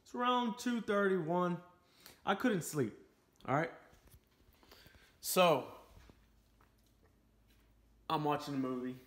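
A man's voice: high-pitched, sing-song, slow, pauses often, fairly bright tone. A man chatting to the camera, telling a story and acting out the quotes. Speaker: vlogger. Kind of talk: casual storytelling. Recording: echoey room.

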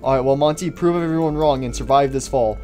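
Goofy, stammering gaming host. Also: male voice, mid-range voice, fast, warm tone, soft background music. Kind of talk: casual game commentary.

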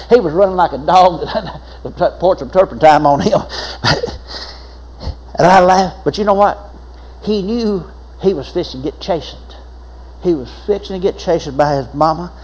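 A man's voice: sits high, moderate pace, a little mellow, rough recording. An older man, preaching a sermon as pastor, telling folksy stories with laughs and repeated phrases.

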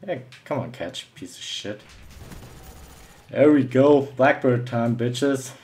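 A man's voice: medium pitch, slow, darkish tone. A young man giving live commentary over an online shooter match, angry and swearing, mocking the other players. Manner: angry ranting, swearing often; mocking taunts at opponents. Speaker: gameplay commentator.

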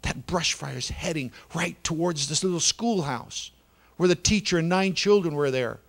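A man telling a calm, kindly old-time farmer. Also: a little high, moderate pace, creaky. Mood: urgent, warm. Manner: calm, gentle and reassuring. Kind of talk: storytelling in a church service.

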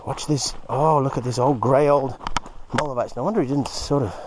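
A man chats outdoors at a quarry, so worked up that his voice keeps dropping into breathy, gasping whispers. His pitch sits mid-range for a man, and a faint hiss lies beneath him. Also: steady tone, a little fast, a little mellow. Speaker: host, moldavite hunter. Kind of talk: casual vlog chat.

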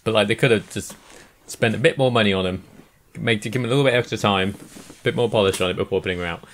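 A man's voice: on the low side, fast talker, fairly bright tone, slight background noise. A man co-hosting a casual gaming podcast chat, laughing often and agreeing. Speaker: podcast co-host.

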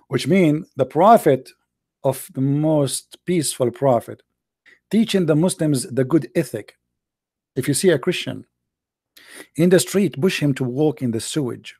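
A man's voice: medium pitch, lively intonation, moderate pace, long pauses, dark tone, no room sound, studio quality. An English speaker who hosts a debate show and argues combatively and sarcastically in broken English, restarting his phrases often. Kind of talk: heated religious debate.

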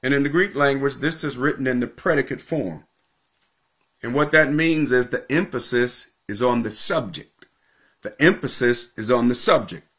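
A man preaches from the pulpit in a steady mid-range voice. He teaches with emphatic repetition, drawing out important words slowly to drive them home. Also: medium pitch. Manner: emphatic teaching, repeating key phrases, slowing for stress. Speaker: pastor. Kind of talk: sermon.

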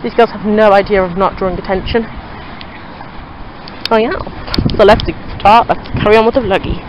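A woman's voice: steady tone, moderate pace, lo-fi sound, background noise. A young woman with a Liverpool accent, vlogging casually while walking her dogs outdoors and rambling in a chatty way. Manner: chatty, rambling, talks to her dogs in a high sing-song voice. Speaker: pet vlogger. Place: outdoors in a local field.

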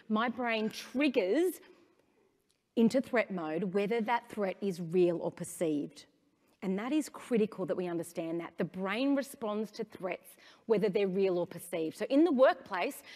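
A middle-aged Australian woman on stage at a conference, talking in an animated, storytelling way and often turning to the crowd with questions. Her voice sits at a medium pitch and carries a long reverb from the large hall around her. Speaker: conference speaker. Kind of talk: conference keynote talk.

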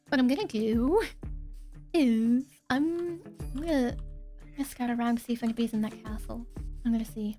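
A young woman giving casual, excitable let's-play commentary, giggling and talking to herself as she plays. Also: fairly high pitch, fairly quick, pauses often, faint music behind. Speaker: gaming video creator.

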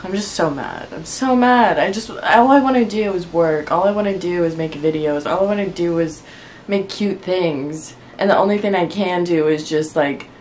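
A woman's voice: on the low side, normal speed, darkish tone, a little hiss or hum. A woman chatting casually to camera as a crafting vlogger, unwell and worn out, rambling in a wry, frustrated way and laughing through her complaints.

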